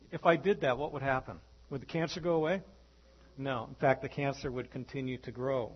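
Man, pastor, sermon, husky, animated storytelling, muffled lo-fi sound. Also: mid-range voice, brisk. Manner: animated preaching that acts out voices in stories.

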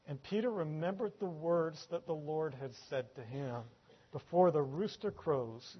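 Preacher guy giving a sermon, bit high voice, gets loud then goes quiet, dull muffled recording. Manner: emphatic, swings from loud peaks to quiet asides; repeats words when building up. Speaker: pastor. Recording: dull lo-fi sound.

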